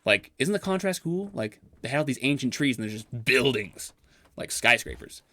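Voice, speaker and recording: Young man, personal vlog narration, dry close sound, crisp bright tone. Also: medium pitch, animated, moderate pace, no echo. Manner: wry, self-deprecating, occasionally flowery. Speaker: vlogger.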